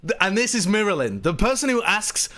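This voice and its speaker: A man's voice: high-pitched, a little fast. A man streaming live, telling a funny story casually and laughing at it as he goes. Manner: animated, laughing at his own story.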